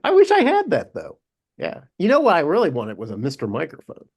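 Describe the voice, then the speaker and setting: A man co-hosting a casual sports podcast, chatty and quick to laugh, often restarting his sentences. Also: a little high, wildly swooping pitch, darkish tone. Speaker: podcast co-host.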